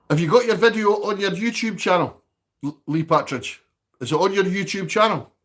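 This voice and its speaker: A Scottish man holds a relaxed live-stream chat from his home, his voice sitting a little higher than most men's. He natters on to his viewers, reads their comments out loud and keeps nudging them for likes.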